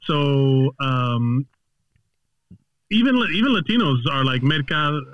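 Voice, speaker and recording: A man's voice: a little high, animated, a little fast, no echo, lo-fi sound. A man co-hosting a casual podcast, rambling and filling gaps with likes and ums. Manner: rambling, lots of fillers. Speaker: podcast co-host.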